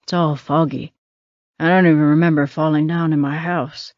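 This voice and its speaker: A man's voice: a little high, flat delivery, normal speed, no echo, highs cut off, natural voice. A woman voicing a teasing, wry older man who is a hospital patient.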